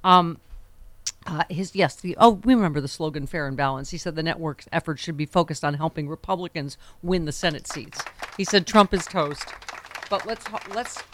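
A woman hosting a political talk radio show, sarcastic and animated with quick asides. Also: deep voice.

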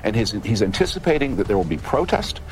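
A man's voice: on the low side, very animated, fast talker. A man, a political commentator, giving an urgent, explanatory answer in a television interview clip.

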